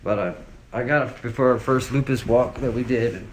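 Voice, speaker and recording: A man's voice: medium pitch, a little fast, slight background noise. A man speaking as an interview guest, recalling family memories in a rambling, casual way full of fillers and restarts. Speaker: interview guest, victim's brother. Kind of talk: casual, emotional recollection.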